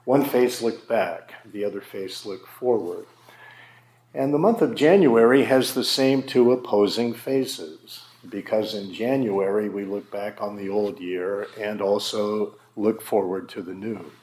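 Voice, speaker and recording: A man preaching a sermon as a pastor, slow and emphatic with dramatic pauses. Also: fairly low pitch, steady tone, darkish tone, roomy sound.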